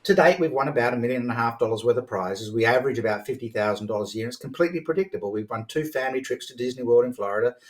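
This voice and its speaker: A man, a podcast guest telling stories about sales in a lively conversational way, often restarting his sentences. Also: mid-range voice. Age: 50s. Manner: animated, quick to act out dialogue, frequent restarts. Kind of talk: conversational storytelling.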